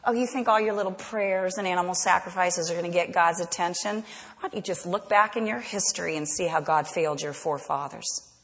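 A woman's voice: medium pitch, huge pitch swings, very fast, gravelly, few pauses, a bit bright, exaggerated voice. Sneering male taunter played by a woman preacher, scornful and mocking, in a reverberant hall. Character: sneering male enemies taunting wall builders.

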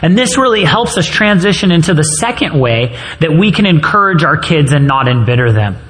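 A man delivers a sermon in an earnest, storytelling way, drawing on his own childhood memories. His voice sits a little on the high side for a man. He speaks directly to fathers in the congregation. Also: very animated, fairly quick, a bit bright. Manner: earnest storytelling, personal anecdotes. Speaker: preacher.

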